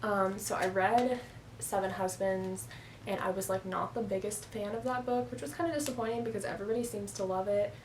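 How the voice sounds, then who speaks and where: Casting: young adult woman, home vlogger, rambling, filler-heavy, mid pitch, faint background hum. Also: fairly even intonation, brisk, poor audio. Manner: chatty, rambling, heavy use of "like". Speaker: book vlogger. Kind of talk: casual chat. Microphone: camera on a stand.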